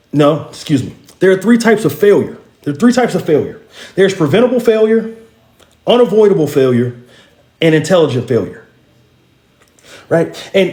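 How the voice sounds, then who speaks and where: A man's voice: fairly high pitch, a little mellow, roomy sound. A man giving a motivational talk, speaking bluntly and emphatically to his listeners, repeating phrases and restarting with stammers. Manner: addresses listeners directly and bluntly.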